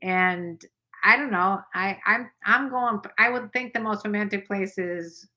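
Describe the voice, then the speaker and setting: A woman's voice: medium pitch, measured pace, sharp tone. A woman co-hosting a casual livestream chat from the American South, greeting viewers by name as she talks. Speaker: livestream co-host.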